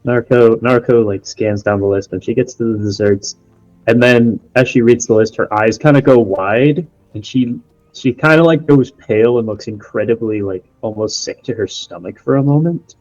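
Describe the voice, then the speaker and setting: A man's voice: mid-range voice, moderate pace, darkish tone, dry recording. A man playing a character in a tabletop game, speaking hesitantly with many restarts. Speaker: player. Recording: dull lo-fi sound with faint music.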